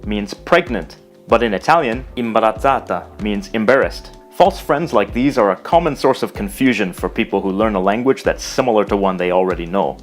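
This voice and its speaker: A man narrating a scripted language lesson, explaining carefully and slowing down to pronounce example words. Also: fairly low pitch, expressive, faint music behind. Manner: measured, explanatory, slows to pronounce foreign words. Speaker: language teacher.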